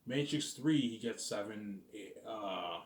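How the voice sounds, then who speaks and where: A man rambling through a casual vlog, restarting sentences and dropping in fillers and curse words. His voice swings up and down with lively intonation. The room around him is roomy and echoing. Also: lowish voice, slow pace. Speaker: vlogger.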